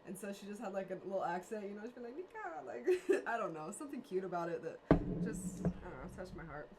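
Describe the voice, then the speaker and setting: A woman's voice: lowish voice, quick pace, heavy background noise. A woman talking casually on a podcast, rambling and self-deprecating, often breaking into laughter as a tarot reader. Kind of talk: casual chat. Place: lives in a trailer park.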